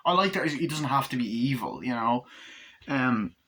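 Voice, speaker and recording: A man's voice: mid-range voice, animated, normal speed, pushed and bright, slight background noise. A man giving a casual, rambling movie review, swearing freely and acting out the scenes he retells.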